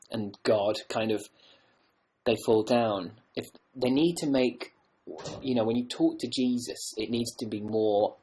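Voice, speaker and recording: A man chats on a livestream in a loose, rambling way and often trails off. His voice is husky and a little breathy, with a middle pitch. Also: rough recording. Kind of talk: casual livestream chat.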